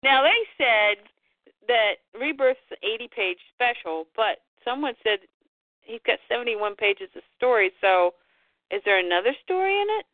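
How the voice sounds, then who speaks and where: A woman's voice: on the high side, very animated, normal speed, no echo. A woman co-hosting a casual comics podcast, chatting and handing topics over to her co-host. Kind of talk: casual comic book chat. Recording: dry tinny phone-like sound.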